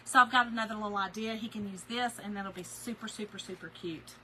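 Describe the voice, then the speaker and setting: A woman's voice: medium pitch, fast talker, sharp tone, slight background noise, low-quality recording. A middle-aged woman hosts a casual craft live stream, chatting and gushing while reading viewer comments.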